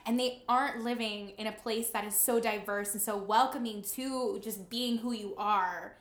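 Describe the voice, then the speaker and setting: Woman host, fairly high voice, quick supportive remarks, roomy echo. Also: steady tone. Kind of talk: casual chat.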